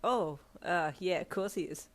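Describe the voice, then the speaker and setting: A woman's voice: lowish voice, fairly even intonation, a little fast, lightly acted. A woman voicing a cheeky, teasing young woman in a story. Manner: teasing, playful.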